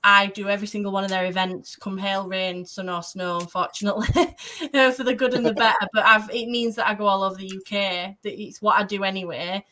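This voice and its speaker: A woman's voice: medium pitch, steady tone, brisk, hardly any pauses, bright, forceful tone. A woman talking as a guest motorsport photographer on a casual podcast, enthusiastic and rambling in her storytelling.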